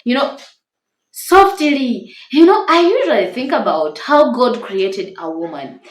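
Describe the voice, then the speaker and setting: A woman's voice: on the high side, sing-song, normal speed, roomy sound. A woman with a tender, small voice giving an earnest, encouraging devotional talk to camera. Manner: earnest, encouraging, stresses words. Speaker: Christian marriage-tips YouTuber.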